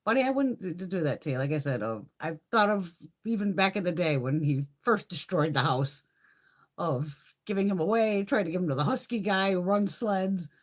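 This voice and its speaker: Middle-aged woman, husky and lower-pitched, swears freely while telling lively stories on a live chat. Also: normal speed. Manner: profane, storytelling, laughs often. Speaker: beauty vlogger hosting a live chat. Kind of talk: casual live-stream chat.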